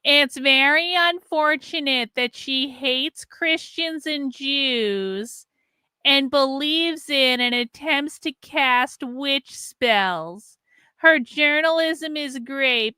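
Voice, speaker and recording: A woman's voice: high-pitched, pushed and bright, no echo, pitched above the performer's own voice, exaggerated voice. A woman mimicking a whiny online critic. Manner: slow mocking drawl. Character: whiny self-righteous online critic, adult.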